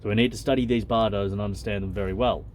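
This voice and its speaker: A man's voice: on the low side, steady tone, rapid-fire, darkish tone, slight background noise. A man, a channel host who reads a spiritual text aloud and comments on it in a blunt, loose and conversational way, swearing freely.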